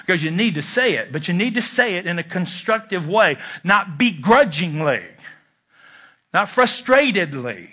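Bright-voiced preacher with easy humor. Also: male voice, high-pitched, very animated, normal speed, slightly rough. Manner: conversational preaching with self-deprecating humor. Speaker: pastor. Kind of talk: sermon.

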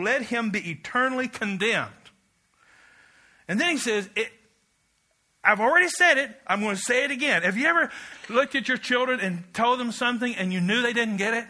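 A middle-aged man preaching a sermon, emphatic and climbing to loud peaks, then dropping into folksy storytelling asides. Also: high-pitched. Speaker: pastor.

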